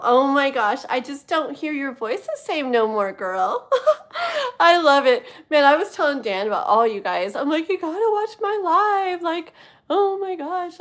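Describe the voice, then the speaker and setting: A woman in her thirties from the US West Coast, chatting casually on a live stream as a tarot reader, giggling often and easily sidetracked, sometimes dropping to a hushed voice. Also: high voice. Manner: drops to a hushed voice at times. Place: home with thin walls.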